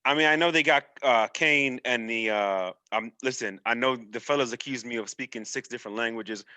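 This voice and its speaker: A man with a New York accent hosts the show, bright and forceful in tone as he teases his co-hosts and hypes the next segment. His voice sounds dry and close. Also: medium pitch, fairly quick, no room sound. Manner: playful, hyping up segments. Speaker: podcast host. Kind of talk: casual sports chat.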